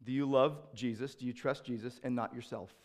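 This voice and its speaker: Speaking fairly quickly with a medium pitch and fairly even intonation, a man preaches as pastor. He repeats key phrases, asks rhetorical questions, and moves back and forth between loud proclamations and quieter, reflective moments.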